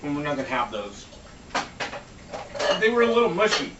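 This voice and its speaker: Here a home cook with a slightly high, sing-song voice speaks at a normal speed, kidding around and cursing freely during a relaxed kitchen demo at home. The sound is lo-fi and noisy, recorded from a distance in an echoey room.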